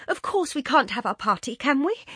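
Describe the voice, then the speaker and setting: A woman reading a story aloud, voicing an earnest young woman who pleads in a high, breathless, urgent way. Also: very animated, moderate pace, husky, no echo, studio quality, heavily acted. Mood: pleading.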